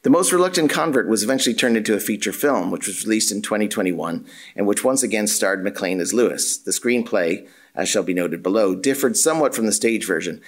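A man, a drama and theatre studies lecturer, reading an academic paper aloud in a measured, formal way with occasional dry asides. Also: fairly low pitch, animated.

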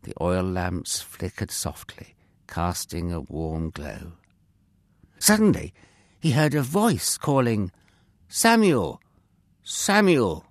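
A man narrating a Bible story for children in an expressive, gentle way, speaking directly to young listeners. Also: low-pitched, slow, dry recording, clean studio sound.

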